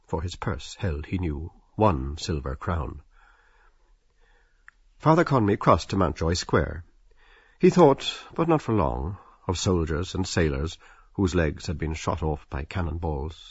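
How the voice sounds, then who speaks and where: A man narrating a novel as an audiobook, expressive and slipping into the characters' inner voices. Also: low-pitched, slightly rough, no echo, lo-fi sound.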